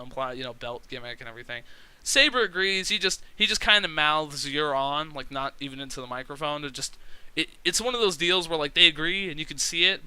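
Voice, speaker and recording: A man's voice: a little high, bright, forceful tone, clear, resonant tone. A man giving casual, rambling commentary on a wrestling management game, chatty and full of fillers. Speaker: let's play commentator.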